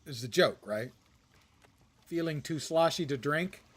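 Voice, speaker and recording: A man's voice: on the high side, animated, a little slow, breathy edge. An older man streaming a game, giving wry, joking commentary and reading quest text aloud. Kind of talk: casual gameplay commentary.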